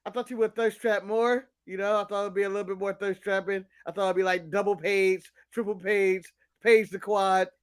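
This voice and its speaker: An American man co-hosting a casual wrestling podcast, joking and rambling with quick apologetic asides. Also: high-pitched, flat delivery, clear, resonant tone. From United States. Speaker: co-host.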